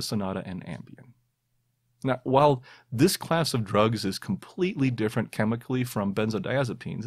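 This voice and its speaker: A man's voice: mid-range voice, darkish tone, no echo, clean studio sound. A man hosting a podcast, quizzing his listeners in a playful, self-mocking way. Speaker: podcast host. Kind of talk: quiz-style podcast monologue.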